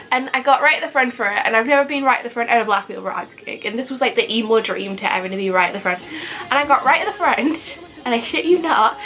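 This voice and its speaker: A young woman chatters through a casual storytime vlog, giggly and rambling, her voice bright and sharp and pitched a little high. Faint music plays behind her. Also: low-quality recording. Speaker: vlogger.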